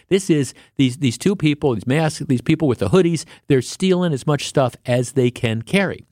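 A man's voice: on the high side, normal speed, few pauses, darkish tone, dry recording, studio quality. Indignant talk radio host, rambling man. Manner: rambling and indignant, with many restarts.

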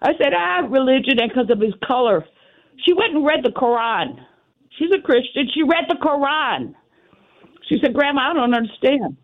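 Older grandma calling into radio, fired up and emotional, high voice over a tinny phone line. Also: female voice, sing-song, normal speed. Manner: impassioned, voice breaking with emotion. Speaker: caller. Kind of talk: emotional call-in talk radio.

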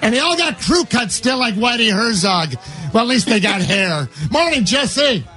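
A man's voice: extremely high pitch, big pitch swings, normal speed, bright, forceful tone. A man hosting a sports radio show, joking and rambling in a teasing, loose way. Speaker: radio host.

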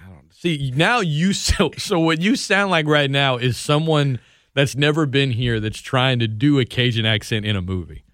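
A man, a radio sports host chatting loudly and lively at a studio microphone, laughing often. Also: mid-range voice, moderate pace, dry recording. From Louisiana. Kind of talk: casual radio banter.

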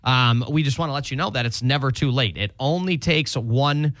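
A man's voice: medium pitch, moderate pace, a bit bright, dry recording. A young man from the co-hosting a morning radio show, laughing often in casual banter on a close studio mic.

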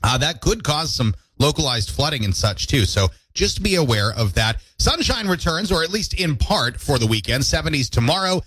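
A man hosting a morning radio show, chatty and jokey, his throat squeaky from allergies. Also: big pitch swings, normal speed, hardly any pauses, a bit bright, breathy edge, no room sound. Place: radio studio.

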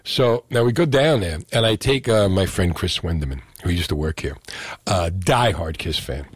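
Chatty radio host, low voice. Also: male voice, expressive, slightly rough, dry recording. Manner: chatty storyteller, quick asides. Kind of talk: casual call-in radio talk.

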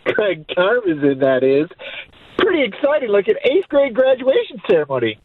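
Husky man joking over a phone line. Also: high-pitched, huge pitch swings, normal speed, dry recording. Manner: dry, joking, mock announcer delivery. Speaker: caller.

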